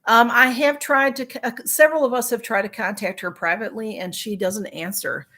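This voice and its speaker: A woman's voice: on the high side, normal speed, sharp tone. Chatty, sympathetic woman livestreamer. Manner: chatty and sympathetic, with frequent ums and restarts. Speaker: livestream host reading viewer comments. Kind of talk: casual live-stream chat.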